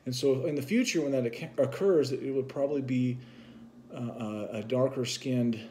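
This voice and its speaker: A man's voice: mid-range voice, moderate pace, dark tone, slight background noise. A man co-hosting a vlog, talking casually and musing at length in a loose, rambling explanation. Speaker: vlog co-host.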